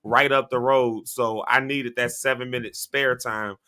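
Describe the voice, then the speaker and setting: A man hosting a morning talk show, talking straight to his viewers in an animated way. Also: mid-range voice, measured pace. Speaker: host.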